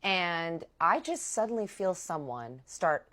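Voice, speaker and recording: Young woman, low voice, casual storytime vlog, animated, chatty. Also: slow pace. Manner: chatty, animated, addresses viewers as y'all. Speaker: vlogger.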